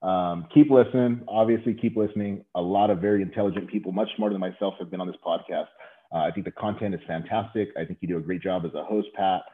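A man's voice: low voice, fairly even intonation, fast talker. A man who is a guest on a podcast, talking casually with an earnest, gushing manner and poking fun at himself. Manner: earnest, gushing, self-deprecating. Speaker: podcast guest, company president. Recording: tinny phone-line call.

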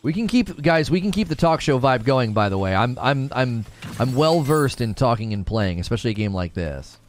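Male streamer, casual chat, self-mocking, lively swings in pitch. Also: normal speed. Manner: chatty, self-mocking, restarts often. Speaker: game streamer. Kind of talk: casual livestream chat while playing.

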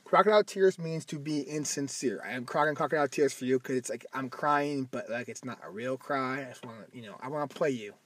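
A man's voice: mid-range voice, fairly quick, few pauses, no echo. A man co-hosting a casual podcast from inside a car, rambling and correcting himself as he goes, with a slight stutter now and then. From Midwest US. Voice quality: stutters at times. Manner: rambling, self-correcting, joking. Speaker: podcast co-host. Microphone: phone recording.

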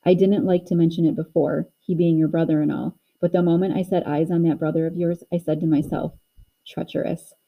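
A woman's voice: on the low side, flat delivery, fairly quick, gravelly, narrow, tinny audio. A woman voicing Mister Beaver, a grave, earnest talking male beaver in a storybook reading. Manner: solemn, warning.

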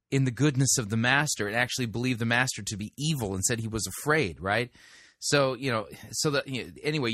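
This host has a medium-pitched, fairly bright voice, recorded clean in a studio with no room sound. Reviewing a sermon, he reads scripture aloud and corrects how the sermon retold it, offering critical commentary.

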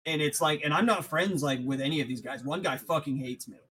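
A man, co-hosting a podcast, telling profane stories fast and with many restarts. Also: fairly high pitch, a bit bright, poor audio. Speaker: podcast co-host. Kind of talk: casual chat.

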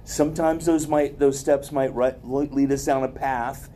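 A man with a mellow, warm voice gives a motivational wellness talk to a group. He speaks loosely and conversationally, wandering into asides and personal stories. There is a faint hum of room ambience behind him. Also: medium pitch, steady tone, moderate pace. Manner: rambling, conversational, with many asides.

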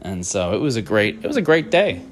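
A man's voice: on the low side, fairly quick, music in the background. A man telling a heated, profane anecdote in a voice message. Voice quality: profane, heated, animated storyteller. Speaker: caller telling a story by voice message. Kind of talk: rambling anecdote told to a podcast host.

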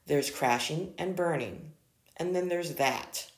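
A snarky young woman who teases her friend in a drawl, as a storybook reader puts her on. The voice has a gravelly edge. It sounds roomy and echoey. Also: mid-range voice, slow pace. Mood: sarcastic. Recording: echoey room.

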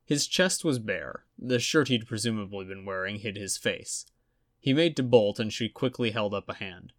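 A man reading a story aloud with steady storytelling. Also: lowish voice, normal speed, no echo, studio quality. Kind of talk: audiobook narration.

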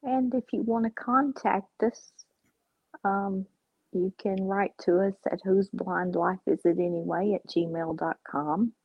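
A woman's voice: medium pitch, fairly even intonation, measured pace, slightly rough, dry recording, phone-quality sound. A woman co-hosting a casual podcast in a laid-back way. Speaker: podcast co-host.

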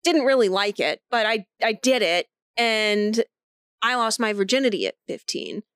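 A woman in her thirties co-hosting a podcast, telling stories in a lively way, swearing freely and laughing often. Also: mid-range voice, moderate pace, smooth, dry recording, clean studio sound. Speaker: podcast co-host. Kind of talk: casual chat.

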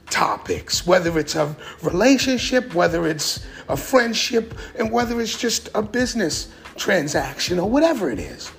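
Middle aged guy ranting about money, rough voice, very animated, faint music behind. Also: very high-pitched. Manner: blunt, profane street talk. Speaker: vlogger giving life advice. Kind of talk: casual monologue.

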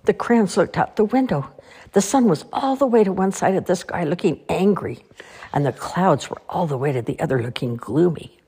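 Expressive storyteller woman, low-ish husky voice, very animated. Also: fairly quick. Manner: expressive, sing-song. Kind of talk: children's story read-aloud.

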